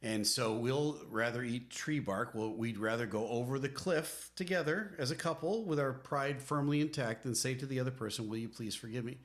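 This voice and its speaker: A man's voice: mid-range voice, moderate pace, hardly any pauses. A middle-aged man co-hosting a podcast, giving earnest, emphatic, preacherly advice as a marriage counselor. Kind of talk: conversational podcast teaching.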